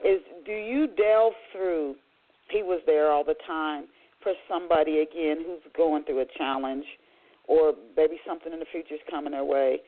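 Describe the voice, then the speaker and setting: A man's voice: on the high side, moderate pace. A man hosting a radio interview, asking long, rambling questions full of restarts, heard over a phone line. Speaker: radio show host.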